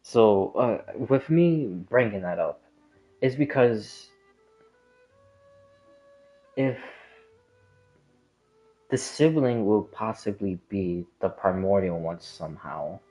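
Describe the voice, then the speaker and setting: A man whose voice is on the low side, expressive and mellow, speaks slowly and pauses often. He's a gaming lore commentator giving a casual explanatory monologue on a theory, rambling and hesitant with many fillers and restarts, over soft background music and low-quality recording.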